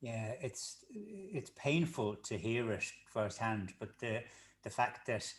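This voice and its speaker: A man hosting a sports business interview, asking thoughtful questions in a measured way with small restarts. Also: mid-range voice, big pitch swings. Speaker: host.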